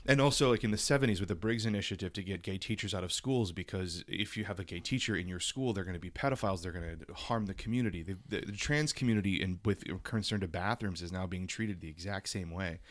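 A man's voice: deep voice, fast, few pauses. Chatty man hosting a podcast. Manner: chatty and animated, laughs often, many fillers. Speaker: podcast co-host. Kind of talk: casual chat.

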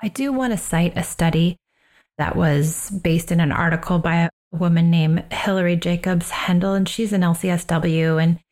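A woman hosting a solo parenting podcast, talking in a calm, earnest and reflective way and slowing down on key phrases. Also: on the low side, creaky. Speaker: parenting coach and podcast host.

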